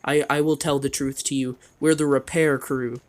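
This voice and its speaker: Man playing a dopey stammering adventurer, mid-pitched, everyday voice. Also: little pitch movement, moderate pace, close to an everyday voice. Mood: sheepish bluffing. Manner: stammering, sheepish. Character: dim-witted, blundering male adventurer.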